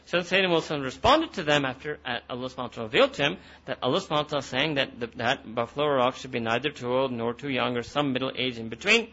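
A man's voice: mid-range voice, lively intonation, rapid-fire, hardly any pauses, pushed and bright, muffled recording. A man teaching a Quran lesson, retelling a story and repeating phrases for emphasis, with Arabic and Urdu words mixed in. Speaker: Islamic teacher.

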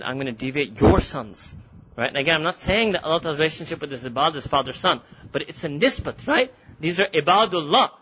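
Male Quran teacher, rapid, animated and laughing, high and bright voice, lo-fi lecture recording. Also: a little hiss or hum. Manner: animated, laughs often, switches between English and Urdu. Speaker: religious teacher.

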